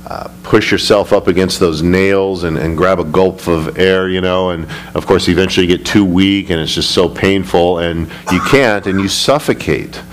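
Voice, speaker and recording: Low-voiced man preaching with emphasis. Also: normal speed, few pauses, a little hiss or hum. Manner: emphatic, rising high when retelling scripture. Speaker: pastor. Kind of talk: Bible study teaching. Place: church sanctuary.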